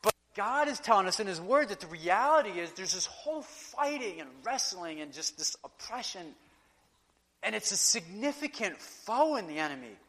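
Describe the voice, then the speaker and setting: Bright-voiced pastor preaching in a reverberant hall. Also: male voice, high-pitched, normal speed. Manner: conversational, animated, acts out quotes in asides. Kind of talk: sermon. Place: church sanctuary. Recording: long reverb of a large hall.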